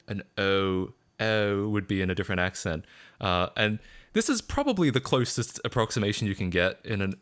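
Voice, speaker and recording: A man's voice: lowish voice, a bit bright. A man with an Australian accent streaming casual reaction commentary, rambling with frequent fillers, restarts and laughing asides.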